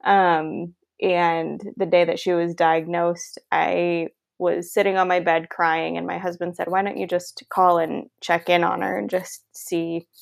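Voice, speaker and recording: A woman hosting a podcast interview, telling a personal story in a soft, storytelling way. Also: lowish voice, flat delivery, unhurried, vocal fry, hardly any pauses. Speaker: podcast host.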